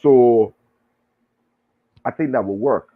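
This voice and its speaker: A man with a Jamaican accent chatting casually about football, animated and full of patois banter. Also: mid-range voice, takes it slowly. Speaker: show guest and pundit. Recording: tinny phone line.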